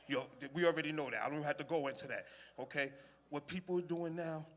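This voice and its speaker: A man's voice: on the high side, fast talker, a bit bright. A man from the South Bronx who promotes entertainment, speaking informally and pleading with the crowd. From South Bronx, New York.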